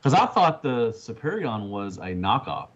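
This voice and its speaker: A man's voice: mid-range voice, big pitch swings, normal speed, a crowd in the background. A man co-hosting a casual podcast chat, hesitant and restarting sentences. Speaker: podcast co-host. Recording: dull lo-fi sound.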